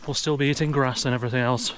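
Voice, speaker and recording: Chatting casually to an action camera in a forest, this English outdoor vlogger keeps up a walking commentary in a mid-range, steady, fairly bright voice at a very fast clip. Now and then he addresses his dog in a raised sing-song tone, and there's a little hiss or hum on the audio.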